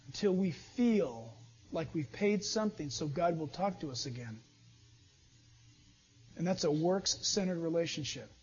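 A man preaching a sermon as pastor, animated, swinging between loud urging and low asides. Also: husky, muffled recording.

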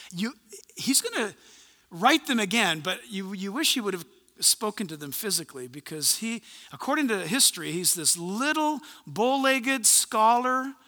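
Pastor, male, very high and piercingly bright voice, animated storyteller, preaching in a hall with a long reverb tail. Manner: animated storytelling, acts out conversations. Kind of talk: sermon.

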